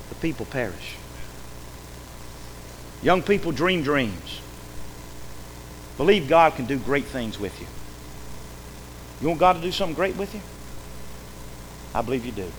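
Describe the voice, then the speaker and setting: A male pastor preaches in a folksy, animated way, his fairly high voice ringing through a church with a long reverb. Faint noise sits under the recording. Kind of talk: sermon. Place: church sanctuary.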